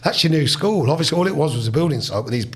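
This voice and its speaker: A man's voice: fairly high pitch, animated, racing, slightly rough. A man in his sixties, a podcast guest, telling rambling family stories in a chatty, casual way. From England. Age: 60s. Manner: rambling, chatty, with restarts and asides. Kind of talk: casual storytelling.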